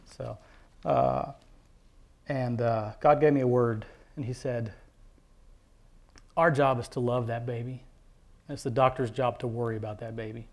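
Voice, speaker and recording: A man earnestly telling a personal faith testimony as a father, halting, with many fillers and restarts. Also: mid-range voice, fairly even intonation, gravelly, darkish tone. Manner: heartfelt, devout storytelling.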